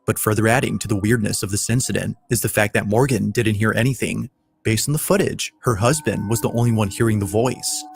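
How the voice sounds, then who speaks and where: A man narrating a compilation of scary videos in a steady, measured, scripted storytelling voice. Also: lowish voice, gravelly. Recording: faint music underneath.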